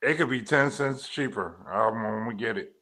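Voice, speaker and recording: A man talking in a casual livestream chat, animated and acting out little quotes, often murmuring agreement. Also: medium pitch, moderate pace.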